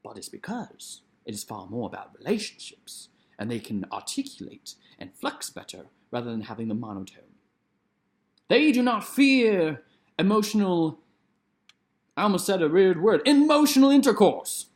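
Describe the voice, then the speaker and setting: Playful theatrical man, swooping pitch. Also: very animated, moderate pace. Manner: playful, theatrical, swings widely in pitch and loudness. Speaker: vlogger. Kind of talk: casual talk to camera.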